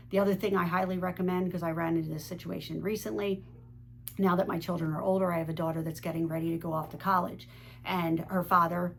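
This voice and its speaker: Middle-aged woman host, gravelly low voice, earnest candid monologue, faint hum behind. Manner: earnest, candid storytelling with fillers. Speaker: divorce advice video host. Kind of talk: personal story and advice monologue.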